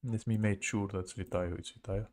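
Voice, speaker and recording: A man with a Russian accent teaching casually on a livestream, halting and repeating words to compare their sounds. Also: lowish voice, steady tone, a little mellow, a little hiss or hum. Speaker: language teacher.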